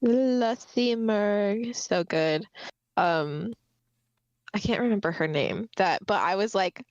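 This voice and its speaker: Woman co-host, lowish voice, dry close sound, chatty and giggly recapper. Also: unhurried, no echo, muffled recording. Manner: chatty, giggly, recaps chapters with many fillers. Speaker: podcast co-host. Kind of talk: casual livestream discussion.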